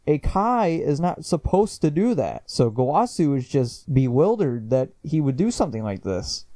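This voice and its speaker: A man's voice: medium pitch, dark tone, no echo. A man reviewing an anime episode in a chatty, casual way, with lots of fillers, swearing and laughs.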